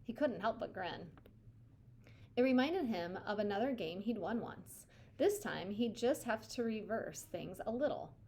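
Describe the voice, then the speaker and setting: A woman reading a children's novel aloud with an expressive, steady delivery. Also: mid-range voice, a little slow. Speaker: reader.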